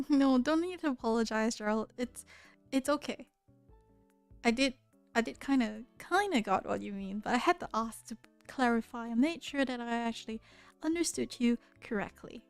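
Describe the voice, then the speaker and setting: A young woman with a Malaysian accent, chatting casually with her viewers on a livestream, curious and quick to laugh, often restarting her sentences. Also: on the high side, clear, resonant tone, dry recording, soft background music. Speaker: streamer. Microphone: close studio mic.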